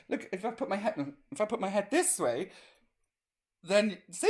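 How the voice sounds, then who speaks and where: Hosting a live-streamed chat show in drag as a grandma, a man reads viewer comments with chatty, naughty, camp cheek. He speaks a little slowly in a high, sing-song voice with a fairly bright tone.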